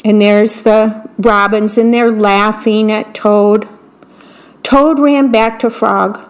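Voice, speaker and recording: A woman volunteer radio broadcaster reading a children's bedtime story in a clear, measured way. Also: medium pitch, fairly even intonation.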